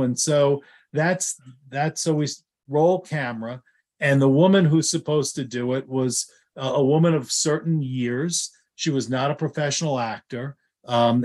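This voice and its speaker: A male actor and lawyer tells stories as a guest in a loose, casual way. He rambles, restarts his sentences often and fills pauses with ums. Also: mid-range voice, darkish tone. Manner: rambling, with many fillers and restarts. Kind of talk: casual anecdotal storytelling.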